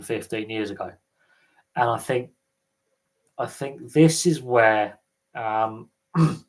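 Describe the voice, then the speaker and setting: A man's voice: medium pitch, rough recording. A man hosting a casual live Q&A, rambling and thinking aloud with frequent fillers and restarts. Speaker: sports livestream host.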